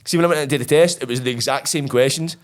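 A man's voice: medium pitch, rapid-fire. A young Scottish man, a podcast guest, animatedly retelling his story with plenty of swearing. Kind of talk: casual storytelling.

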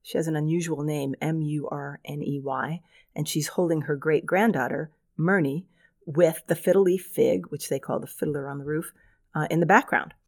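A woman's voice: sits low, normal speed, a little mellow, no room sound, studio quality. An older woman hosting a radio gardening segment, chatty and wry, with enthusiastic asides. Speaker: radio gardening show host.

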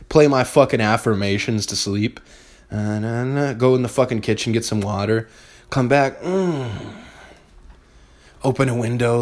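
A young podcast host with an ordinary mid-pitched, slightly mellow voice delivers a motivational monologue straight to his listeners. He's blunt and fired up, swearing freely and hammering his points home.

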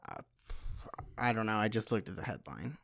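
A man co-hosting a podcast, talking in casual banter with a deadpan, teasing and crude manner. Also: fairly low pitch, moderate pace, creaky. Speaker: podcast co-host.

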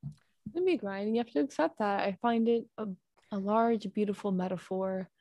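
A woman's voice: medium pitch, fairly quick, dark tone, no echo. A young woman co-hosting a casual podcast, chatting in a giggly way and leaning heavily on "like". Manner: chatty, giggly, heavy use of "like". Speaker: podcast co-host. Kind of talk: casual chat.

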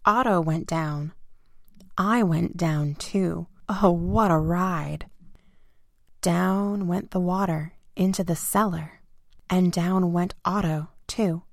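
Woman reading a children's story, slow pace, lowish voice, dry close sound. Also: vocal fry, no room sound. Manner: simple, expressive first-person reading. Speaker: narrator.

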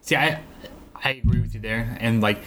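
A man's voice: mid-range voice, normal speed, sharp tone, a little hiss or hum. A man in his twenties in casual chat, blunt and swearing heavily as he rants. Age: 20s.

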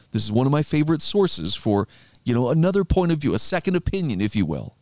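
A man's voice: medium pitch, very animated, fast talker, a little mellow, no echo, studio quality. A middle-aged man hosting a talk radio show, reflecting conversationally and reading articles aloud with emphasis.

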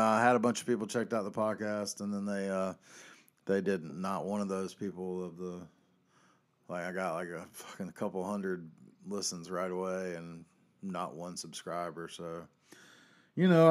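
A man from North Carolina, hosting his own podcast in a profane, ranting monologue that swings between yelling and muttering. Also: lowish voice. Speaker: podcast host.

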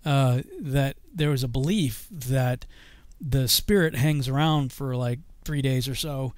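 A man's voice: medium pitch, unhurried, no room sound. Chatty man in a dry close recording. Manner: animated storyteller, acts out quotes. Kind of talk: casual religious discussion.

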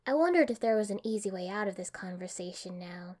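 A young woman reading fan fiction aloud in an expressive, even storytelling manner. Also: mid-range voice, fairly quick. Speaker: audiobook reader.

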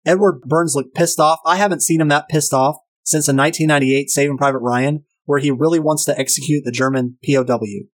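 A man's voice: fairly high pitch, steady tone, a little fast, few pauses. A man casually retelling and reviewing a crime film, enthusiastic and profane.

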